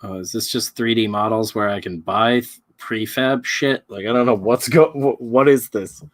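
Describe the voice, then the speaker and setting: A man's voice: fairly low pitch, steady tone, moderate pace. A young man co-hosting a podcast, chatting casually with crude jokes and frequent laughter. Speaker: podcast co-host. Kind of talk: casual chat.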